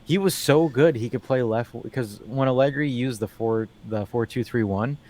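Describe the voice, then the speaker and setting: A man co-hosting a casual football podcast, talking in a rambling, animated way, full of fillers and restarts, with wry asides. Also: mid-range voice, moderate pace. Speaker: podcast co-host.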